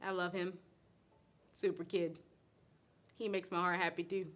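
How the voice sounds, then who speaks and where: A woman's voice: fairly low pitch, little pitch movement, a little slow, a bit bright. Chatty woman, laughing often. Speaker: host and cook answering viewer questions. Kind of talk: casual live-stream chat.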